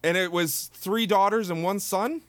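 A man's voice: high-pitched, moderate pace, fairly bright tone, dry recording. Playful podcast host man, dry sound. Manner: playful, teasing, theatrical bits. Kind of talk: casual podcast chat.

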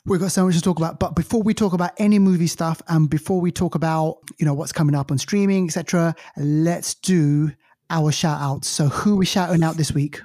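Man, podcast co-host, upbeat, teasing, mellow dark tone. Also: on the high side, fairly even intonation, brisk. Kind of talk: casual film podcast chat.

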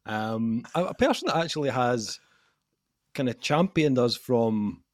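A man in his own easy speaking voice hosts a loose, joking podcast chat, with a medium pitch that sits in the middle for a man. He teases his co-host and laughs a lot. The sound is dry and close, with no room in it. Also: lively intonation, a little slow, no room sound. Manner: jokey, laughs often, teasing. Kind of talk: casual chat.

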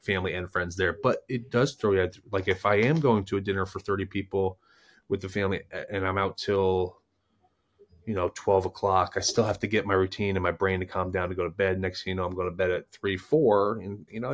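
A man's voice: deep voice, brisk. A man in his thirties, a former baseball player co-hosting a podcast, telling stories in a casual chat. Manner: storytelling, animated anecdotes.

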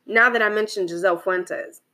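A woman's voice: mid-range voice, moderate pace, fairly bright tone. A young adult woman talking in a casual, reflective monologue, rambling with many restarts and fillers and often asking "right?".

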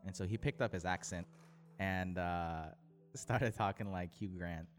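A man from the Philippines telling relaxed stories in a casual chat, with soft-spoken asides. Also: sits low, a little slow, soft background music.

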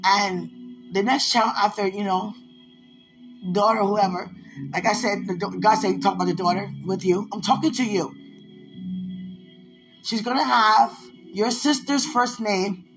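A woman's voice: mid-range voice, slow pace, pauses often, poor audio. A woman in casual talk to the camera, gushing and giggling as she rambles, with her voice swinging up and down. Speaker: vlogger addressing a loved one. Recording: music bed under the voice. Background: music playing.

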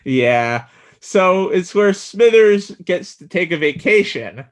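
A man's voice: high-pitched, expressive, takes it slowly. A man co-hosting a podcast in casual chat, trading easygoing banter and dry quips. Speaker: podcast co-host.

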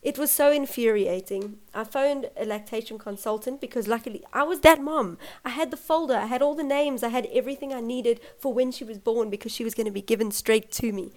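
A woman's voice: a little high, fairly quick, hardly any pauses. Emotional woman telling her birth story. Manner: emotional, laughs often, acts out quoted voices. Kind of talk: personal storytelling.

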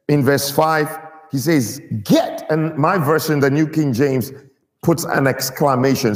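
In a large hall, a man with a fairly high voice preaches a sermon to his church. He's emphatic, drawing out key words and getting the congregation to repeat them.

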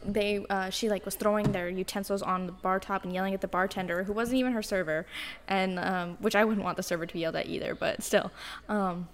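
A woman's voice: medium pitch, brisk, slight background noise. A young woman co-hosting a podcast, telling a story in casual chat with lots of fillers and acted-out quotes. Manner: animated storyteller, many fillers, acts out quotes. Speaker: podcast co-host.

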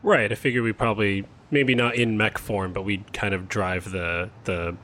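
Brief: a casual player with a lowish voice, offhand and thinking aloud. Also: male voice, steady tone, normal speed, fairly bright tone, a little hiss or hum. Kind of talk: casual chat at a tabletop game.

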